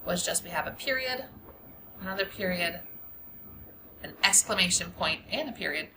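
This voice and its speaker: A woman's voice: fairly low pitch, expressive, moderate pace, noisy background. A woman teacher giving a grammar lesson, explaining patiently step by step and repeating the key points.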